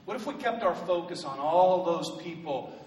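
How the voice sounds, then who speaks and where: A male pastor preaching a sermon in a church, swelling into loud emphatic bursts and joking asides. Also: on the high side, lively intonation, moderate pace, a little hiss or hum. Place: church sanctuary. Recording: echoey hall from a distant mic.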